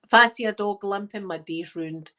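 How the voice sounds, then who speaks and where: A woman's voice: mid-range voice, moderate pace, dull audio. A Scottish woman in her forties, host of a live stream, chatting casually and telling rambling stories with the odd swear word. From Scotland. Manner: rambling, animated storytelling with swearing. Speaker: ASMR livestream host.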